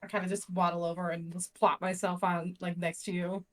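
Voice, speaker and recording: A woman's voice: lowish voice, level tone, fairly quick. A woman player chatting through a tabletop game in a bubbly, hesitant way with many fillers. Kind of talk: tabletop role-play chat.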